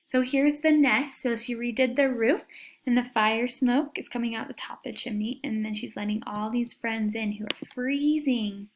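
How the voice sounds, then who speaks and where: A young woman reading a children's novel aloud, with casual asides to listeners and soft, hushed passages. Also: on the high side, fairly even intonation, moderate pace, rough recording. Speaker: reader.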